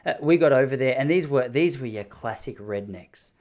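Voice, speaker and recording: A man's voice: medium pitch, moderate pace. A man in his thirties telling a story casually and with animation. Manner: animated, mimics the people in his stories. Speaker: vlogger.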